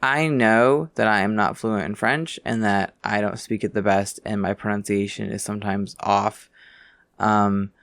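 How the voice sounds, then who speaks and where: A man's voice: fairly low pitch, fairly bright tone, dry recording, studio quality. An American man giving a casual, self-deprecating tour of his home library, reading titles aloud. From United States. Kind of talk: casual chat.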